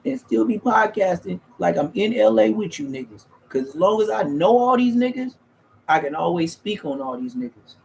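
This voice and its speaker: A man's voice: high voice, expressive, moderate pace, vocal fry, a little hiss or hum. A man, telling rambling, slangy, profane stories as a streamer in casual chat. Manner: profane, slangy, loose and restarting.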